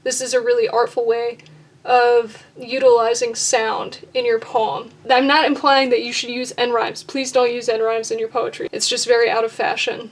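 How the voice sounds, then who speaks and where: A woman's voice: a little high, flat delivery. A young woman hosting her own channel, explaining poetry in a casual, thoughtful way, thinking aloud and correcting herself as she goes. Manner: thoughtful, self-correcting, talks through ideas slowly. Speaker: poetry teacher, channel host. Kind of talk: casual instructional talk on poetry.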